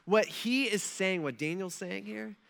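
A man's voice: sits high, a little slow, creaky, a bit bright. A man preaching a sermon in a conversational way, often checking in with his listeners. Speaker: pastor.

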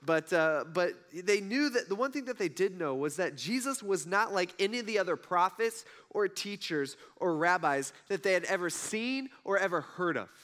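High, bright-voiced man preaching casually. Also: moderate pace, few pauses. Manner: animated, conversational retelling with acted-out quotes. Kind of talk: casual storytelling sermon.

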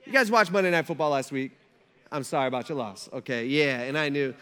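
A male pastor preaching a sermon in an animated, joking storytelling manner, with asides to the congregation. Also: medium pitch, quick pace, clear, resonant tone.

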